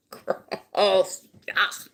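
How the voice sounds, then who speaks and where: A woman's voice: extremely slow, fairly bright tone. A woman hosting a casual live stream, greeting viewers and teasing them with frequent laughter.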